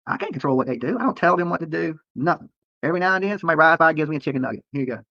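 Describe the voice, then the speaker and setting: A man's voice: fairly high pitch, animated, rapid-fire, gravelly, pushed and bright, no echo, dull audio. A man streaming live from a roadside near a protest, talking to viewers in a profane, rambling and defensive way, often tacking on "okay?". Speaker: livestreamer. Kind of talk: livestream rant to viewers.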